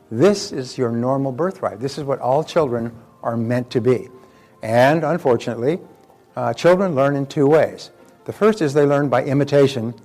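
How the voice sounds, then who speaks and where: A man's voice: medium pitch, a little mellow. Older man giving a motivational talk. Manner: conversational, anecdotal, with repeated words and fillers. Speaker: motivational speaker.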